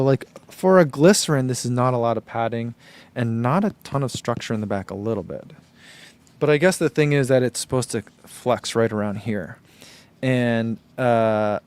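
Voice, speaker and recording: A man's voice: mid-range voice, a little mellow. Chatty male running-shoe vlogger. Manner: rambling, chatty, reads viewer comments aloud. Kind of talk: casual vlog chat.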